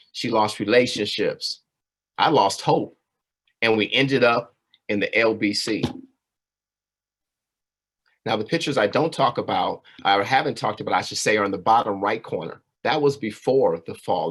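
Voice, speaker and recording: A man's voice: on the low side, fairly bright tone, husky. A man giving a personal storytelling talk to a community audience, earnest and conversational, often checking in with "right?" and "you know". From California. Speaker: community speaker.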